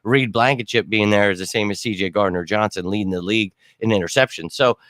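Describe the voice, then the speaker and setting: A man hosting a sports fan show, ranting bluntly and swearing after a loss, his throat hoarse from screaming. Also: fairly low pitch, quick pace, fairly bright tone, no echo, studio quality. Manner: fired-up, blunt, swears, repeats himself. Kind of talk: casual postgame fan rant.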